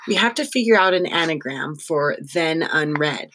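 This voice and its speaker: A reader voicing a sharp, impatient girl with a sarcastic edge, in an audiobook. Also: medium pitch, expressive, normal speed, slight background noise. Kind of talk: audiobook reading.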